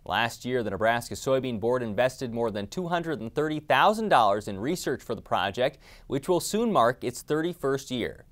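A man hosting a farm show, reading a smooth intro and asking interview questions. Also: mid-range voice, big pitch swings, moderate pace, hardly any pauses. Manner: reads the intro smoothly, asks questions with fillers. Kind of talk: scripted narration and interview questions.

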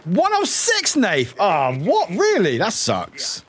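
A man's voice: sits high, huge pitch swings, slow pace, husky. A man from the UK streaming a game, chatting casually, giggling and joking at his own expense. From United Kingdom. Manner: giggly, self-mocking.

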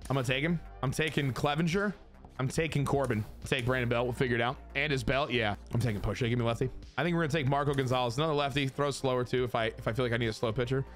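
A young man casually commentating his baseball video game to chat, excitable and crude, swinging between joking rants and hype. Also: medium pitch, rapid-fire, faint music behind. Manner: crude, self-mocking humor.

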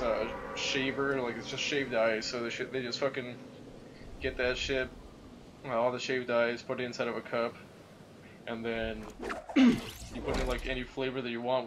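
A young man with a mid-range voice talks over his game in a loose, rambling way. He swears constantly and breaks into sudden yelling. A faint hiss runs underneath. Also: medium pitch. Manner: profane, rambling, with loud yelling outbursts. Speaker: gaming video host. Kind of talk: casual gameplay commentary.

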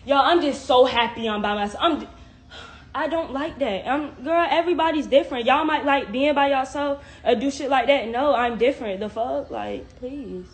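A woman's voice: sits high, moderate pace. A young woman venting on a phone live stream, confrontational and heavily profane, peppering everything with "like". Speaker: livestreamer.

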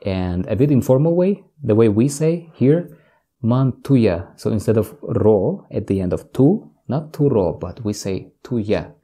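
This patient teacher, a man from northern Tajikistan with a Tajik accent, walks through words slowly in a relaxed lesson, using examples and repeating each term. His fairly low voice is mellow with a breathy edge and lively intonation.

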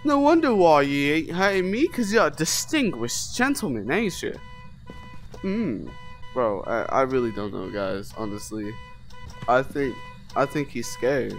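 A young gamer narrating a horror playthrough, swearing and taunting the ghost between jumpy moments. The voice swings widely in pitch, and faint music sits underneath. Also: big pitch swings, a little slow. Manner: taunting, profane, trash-talking the ghost; jumpy, easily startled. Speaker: gamer playing a VR horror game. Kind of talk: let's-play commentary.

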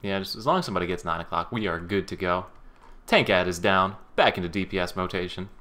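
A man streaming a game, chatting casually with friends and calling out raid phases with joking excitement. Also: low-pitched, fast talker. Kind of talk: casual gaming stream chat.

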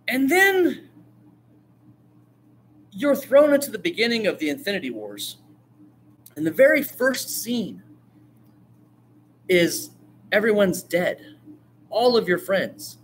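A man teaching a class on storytelling, talking in a lively way, asking the class questions and acting out lines. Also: high voice, a little hiss or hum. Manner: animated, asks the class questions, acts out quotes. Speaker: writing teacher.

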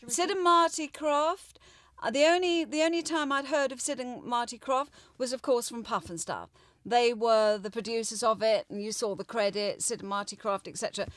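An older woman from London with a well-spoken English accent, telling stories in a lively, expressive way in an interview. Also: fairly high pitch, moderate pace, no room sound. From England, London. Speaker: interview guest, former child show actress. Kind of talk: casual reminiscing interview.

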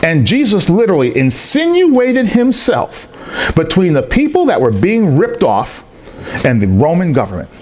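A man preaching at a church service, with a lively voice that swings up and down as he acts out quoted voices. His voice sits a little high for a man, and there is a faint hiss of noise behind him. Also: normal speed. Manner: animated storytelling preacher, acting out quoted voices. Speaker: pastor. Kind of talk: sermon. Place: church service in a rented hall.

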